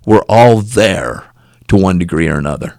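A low-pitched man tells a story as a podcast guest and acts out each person's lines with lively shifts. He repeats and restarts words as he goes. The recording is dry and close, with no room sound. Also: moderate pace, gravelly, no room sound. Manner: animated storyteller acting out quoted dialogue.

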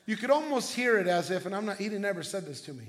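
A middle-aged man preaching a sermon as pastor, telling stories in a conversational way with quick restarts. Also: sits high, sing-song.

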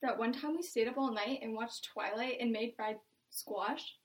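A woman's voice: a little high, normal speed, crowd noise. A young woman hosting a casual podcast chat, telling stories with dramatic flair. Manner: chatty, dramatic storyteller. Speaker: podcast host.

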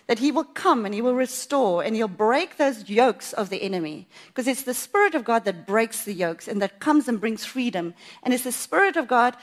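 A woman giving a personal faith testimony at church, telling her story in a lively way and acting out what she thought at the time. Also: on the high side. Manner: animated storytelling, acts out her own past thoughts, laughs often.

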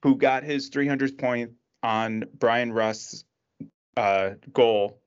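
A man's voice: mid-range voice, slow pace, clear, resonant tone, lo-fi sound. A man co-hosting a podcast, talking about sports in a dry, matter-of-fact way. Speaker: podcast co-host. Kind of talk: casual sports chat.

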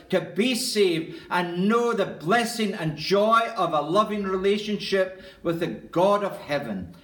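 Man, pastor, sermon, earnest, emphatic, repeats phrases, high voice, reverberant church. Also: a bit bright. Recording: echoey church room.

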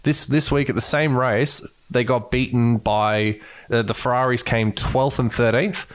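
A man's voice: mid-range voice, steady tone, a little slow. A man co-hosting a podcast, chatting casually, rambling and swearing as he retells events with animation. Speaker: podcast co-host. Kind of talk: casual chat.

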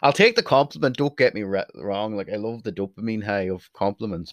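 A man's voice: lowish voice, expressive, quick pace, hardly any pauses, no room sound. A young Irish man rambling casually in a vlog, blunt and swearing, sometimes drifting off the mic. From Ireland. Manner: chatty, blunt, swears, wanders off topic. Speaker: vlogger. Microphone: desk mic, sometimes turns away from it.

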